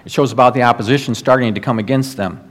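A middle-aged man delivers a sermon as the pastor, his voice sitting at an ordinary mid pitch. He talks in an earnest, exhorting way, pressing his points with repetition. When he quotes a prayer or a line of scripture, he slows down and lets his voice sink lower. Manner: earnest preaching, drops low and slow for quoted prayers and scripture.

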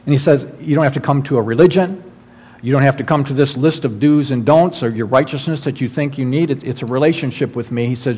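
A man's voice: mid-range voice, fast, a little mellow, slightly rough. A man preaching a sermon as pastor, earnest and conversational, with frequent fillers and restarts. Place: church sanctuary. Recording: long hall reverb.

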